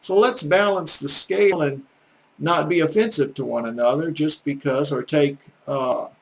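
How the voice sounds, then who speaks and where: Southern drawl, older man, gravelly folksy teacher voice, earnest and a bit preachy. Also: on the high side, moderate pace, low-quality recording. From American South, Gulf Coast. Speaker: YouTube language teacher. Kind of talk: casual rambling monologue.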